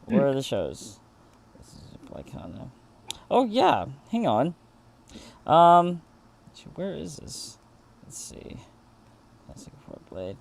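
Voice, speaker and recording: A man hosting a livestream interview, talking casually with many pauses and filler words. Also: a little high, wildly swooping pitch, gravelly, a little hiss or hum. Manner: hesitant, lots of fillers and restarts, chatty. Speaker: interview host.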